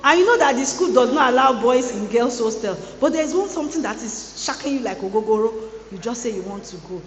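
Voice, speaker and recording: A woman's voice: a little high, lively intonation, fast talker. Playful woman preaching in a hall. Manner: playful, teasing the audience. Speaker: guest speaker at a student boot camp. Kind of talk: lively motivational sermon. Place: large hall. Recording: echoey large hall.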